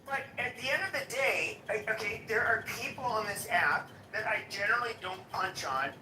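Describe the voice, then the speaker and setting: A man's voice: high voice, normal speed, pushed and bright. A man talking in a live voice chat room, ranting in a contemptuous, stop-start way full of fillers. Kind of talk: casual heated rant. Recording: echoey, distant, noisy audio-room stream.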